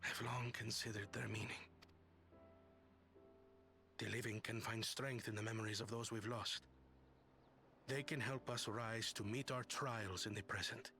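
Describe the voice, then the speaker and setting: An actor playing a calm, reflective young leader who speaks in a measured, thoughtful way. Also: male voice, lowish voice, soft background music.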